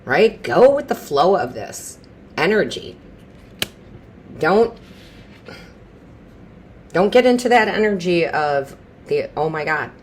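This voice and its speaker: With long pauses and a slow, very animated delivery, a tarot reader offers an intuitive, reassuring and chatty reading in a voice on the low side. She repeats phrases for emphasis and frequently restarts mid-sentence, with slight background noise behind her.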